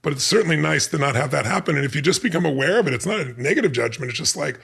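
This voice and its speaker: A man hosting a podcast, talking in an energetic, earnest way and telling stories in casual conversation. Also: on the high side, rapid-fire, gravelly, slightly rough. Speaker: podcast host.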